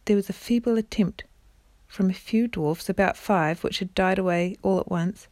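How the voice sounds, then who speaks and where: A parent reading a children's storybook aloud in a steady narrating voice, with small stumbles and the odd throat-clear. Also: female voice, medium pitch, normal speed, no room sound, clean studio sound.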